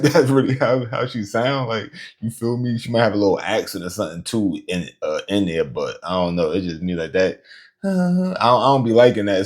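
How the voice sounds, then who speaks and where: A man hosting a casual reaction show, talking loosely and straight to his viewers. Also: low voice. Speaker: host.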